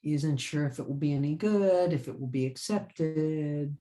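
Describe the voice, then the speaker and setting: Deep, warm and unhurried, the voice belongs to a woman who writes books and teaches writing. She's chatting casually in an interview, rambling through lively stories, frequently laughing and starting phrases over.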